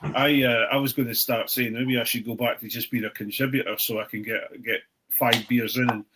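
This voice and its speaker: A man's voice: mid-range voice, level tone, fairly quick, noisy background. A man hosting a podcast in casual chat, rambling and sweary, often repeating words as he thinks. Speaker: podcast host.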